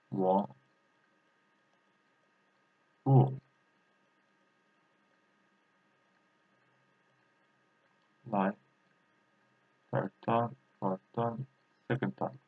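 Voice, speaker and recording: A man, a native Turkish speaker, giving a language lesson in English, halting and repeating words slowly with many fillers. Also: mid-range voice, husky. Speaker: language teacher. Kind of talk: slow spoken language lesson. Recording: tinny phone-like audio.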